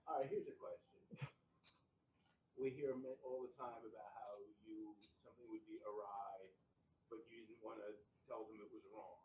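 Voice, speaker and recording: A man's voice: on the low side, fairly even intonation, normal speed, a little mellow. Distant man asking from the audience. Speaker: audience member asking a question. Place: event hall, off-mic in the audience. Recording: distant, roomy, faint room noise.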